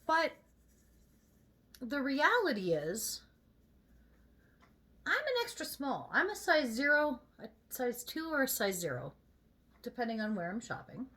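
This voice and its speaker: A woman's voice: sits high, very animated, measured pace, pauses often, pushed and bright. A woman vlogger chatting casually while she gets ready, venting in a candid and emphatic way.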